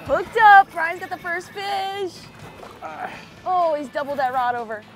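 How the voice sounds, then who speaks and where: A young woman vlogging from a fishing boat outdoors, chatting casually and bursting into excited shouts. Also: very high voice, a little slow. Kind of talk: casual vlog commentary.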